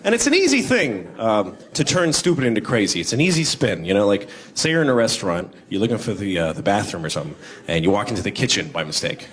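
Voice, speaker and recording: A man doing rambling, self-deprecating stand-up in a large concert hall, acting out bits in high shouted voices. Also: big pitch swings, quick pace. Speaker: stand-up comedian. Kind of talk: stand-up comedy. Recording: live concert recording with crowd noise. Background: audience laughter.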